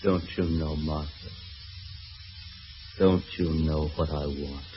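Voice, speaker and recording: A drunk bitter husband. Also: male voice, very deep voice, fairly even intonation, takes it slowly. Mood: menacing. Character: drunk bitter weak husband, pathetic and sly. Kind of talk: 1940s radio acting. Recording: dull lo-fi old radio recording with faint hiss.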